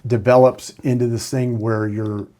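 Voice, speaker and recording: A man's voice: medium pitch, flat delivery, moderate pace, dark tone. A man in his sixties, a retired sheriff's lieutenant, telling candid stories in a casual podcast interview with frequent fillers.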